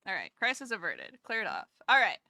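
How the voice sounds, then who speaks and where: Bright-voiced excitable woman streamer. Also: mid-range voice, fairly quick, dry recording, clean studio sound. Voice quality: animated storyteller, laughs a lot, excitable. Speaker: VTuber streamer. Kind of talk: casual livestream storytelling.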